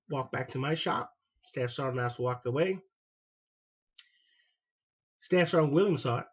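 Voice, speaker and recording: A man, a former Marine hosting his own show, telling a personal story in an animated way and acting out what people said. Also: medium pitch, a little slow, pauses often, slightly rough, dull audio. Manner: animated, acts out quoted dialogue. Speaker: podcast host, former Marine.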